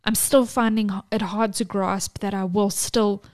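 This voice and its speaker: A woman's voice: mid-range voice, steady tone, moderate pace, darkish tone. A woman co-hosting a podcast, talking candidly and close to tears, frank and swearing. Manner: emotional, tearful, frank with swearing. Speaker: podcast co-host.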